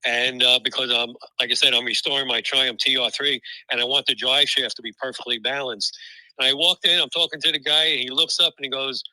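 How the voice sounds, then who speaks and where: Man, Brooklyn accent, middle-aged, very bright voice, dry sound, laughs often. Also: medium pitch, fairly even intonation, fairly quick, dry recording, poor audio. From New York. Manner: laughs often, enthusiastic, repeats words. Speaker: guest. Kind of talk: casual interview chat.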